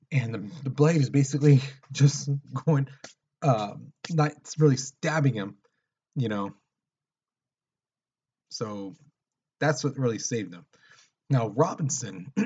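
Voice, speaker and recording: A man's voice: mid-range voice, a little mellow, slightly rough. A man teaching history in a casual lecture, telling the story in a chatty way and acting out scenes, on a dull lo-fi recording.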